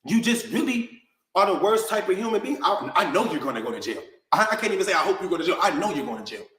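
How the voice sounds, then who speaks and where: A man's voice: sits high, very animated, fast talker, a bit bright, roomy sound, rough recording. A man delivering a heated, confrontational rant straight to camera, full of slang. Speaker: online personality.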